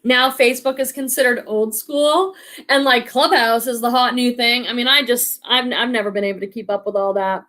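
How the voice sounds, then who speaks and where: Bubbly, high-voiced woman live-streaming. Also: fairly even intonation, normal speed, sharp tone. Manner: chatty, bubbly, many likes and ums, laughs often. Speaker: live stream host, online reseller. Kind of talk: casual live stream chat reading comments.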